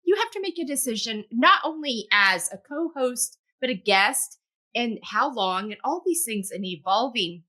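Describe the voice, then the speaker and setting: A woman's voice: fairly high pitch, expressive, moderate pace. A middle-aged woman hosting a podcast interview, affirming her guest often and asking reflective questions. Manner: warmly affirming, frequent "yeah". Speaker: podcast host. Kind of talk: conversational interview.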